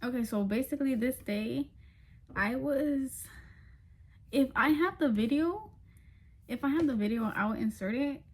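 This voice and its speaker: A woman's voice: high voice, lively intonation, unhurried, pauses often, a little mellow, slightly rough. Chatty young woman telling a storytime. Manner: chatty and frank, swears freely, laughs between lines; addresses viewers directly as y'all. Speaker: vlogger. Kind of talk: casual storytime monologue.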